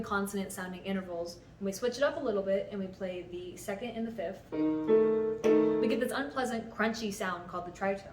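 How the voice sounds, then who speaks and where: A young woman composer explaining the theory behind her own piece in a patient, methodical way, sometimes counting beats aloud. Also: medium pitch. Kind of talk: explanatory music-theory talk. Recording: roomy sound from a distant mic, music underneath.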